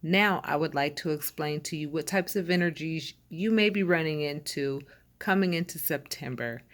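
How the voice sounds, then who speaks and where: Woman, tarot host, low voice, calm and reassuring. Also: normal speed. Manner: calm, reassuring, speaks directly to listeners. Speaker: tarot reader. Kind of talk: spoken tarot reading.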